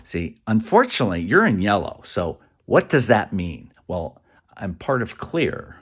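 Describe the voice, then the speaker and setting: A man with a husky, lowish voice delivers a rambling, animated monologue at an unhurried pace. He acts out quoted voices and now and then drops to a whisper.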